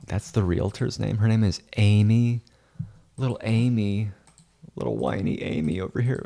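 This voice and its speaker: A man's voice: fairly low pitch, moderate pace, creaky, dark tone, slight background noise. A man chatting on a casual livestream while editing photos, joking and boasting in rambling asides, sometimes dropping to a whisper. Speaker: photo editor streaming his work.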